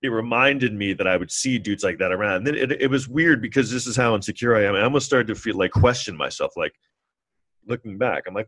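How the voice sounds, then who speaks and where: A man's voice: fast, fairly bright tone, dry recording. A man from New York City in his forties with a New York accent, rambling through a casual solo podcast monologue with self-deprecating humor. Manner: rambling, self-deprecating, acts out others in mocking high voices. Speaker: podcast host.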